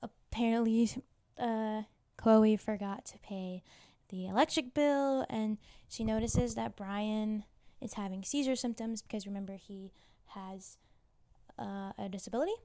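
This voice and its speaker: A young woman hosts a casual YouTube recap of a TV drama, chatting away with lots of "like" fillers and side comments. Her mid-range voice is mellow and a little slow.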